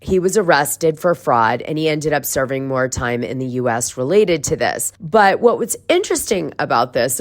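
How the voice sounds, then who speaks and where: Female podcast host with a deep voice, chatty solo monologue that explains each step. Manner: conversational, explains step by step with fillers.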